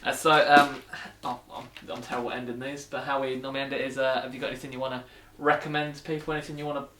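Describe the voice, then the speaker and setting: A man's voice: mid-range voice, flat delivery, racing, bright, forceful tone. A man hosting a casual chat, hesitant, often trailing off and restarting. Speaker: host. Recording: echoey room, mic off at a distance, faint noise.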